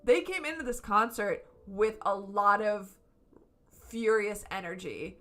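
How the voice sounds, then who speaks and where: A woman's voice: mid-range voice, lively intonation, unhurried, fairly bright tone, soft background music. A woman streaming from home, reviewing a concert in a casual, gushing way and swearing freely. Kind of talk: casual excited review chat. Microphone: camera setup at home.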